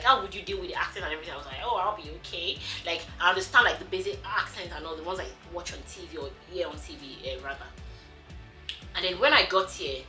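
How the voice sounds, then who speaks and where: A young woman from Nigeria with a Nigerian accent, chatting casually in a vlog, animated and quick to laugh, with lots of "like" and "you know". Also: medium pitch, reverberant, poor audio. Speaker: vlogger.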